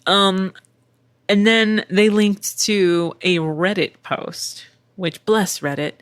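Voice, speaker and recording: A woman's voice: mid-range voice, slow pace, no room sound, clean studio sound. A middle-aged woman hosting a casual solo podcast, chatty and candid, swearing freely with wry asides. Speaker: podcast host and voice actor.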